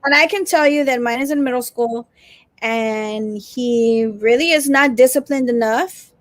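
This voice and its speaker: A woman's voice: fairly high pitch, measured pace, no echo. A woman co-hosting a casual teachers' talk stream, chatty, often reading out viewer comments. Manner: chatty, reads comments aloud. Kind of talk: casual chat.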